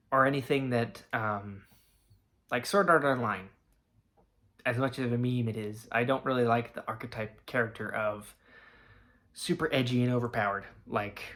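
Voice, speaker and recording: A man's voice: medium pitch, fairly bright tone. A man hosting his own channel, chatting casually through an introduction and Q&A, rambling with frequent fillers and hesitations. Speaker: channel host.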